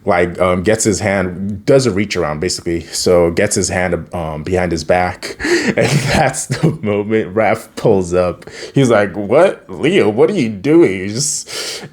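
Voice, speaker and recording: Young man, low voice, casual recap, rambling, laughs a lot. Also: measured pace. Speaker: youtuber recapping a cartoon episode.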